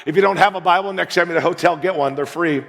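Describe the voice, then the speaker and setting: An American man in his fifties, a guest pastor telling a joking, animated story in a sermon from a large church sanctuary. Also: high voice, fast talker, vocal fry. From United States. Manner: joking, animated storyteller who plays to the crowd. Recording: reverberant church hall.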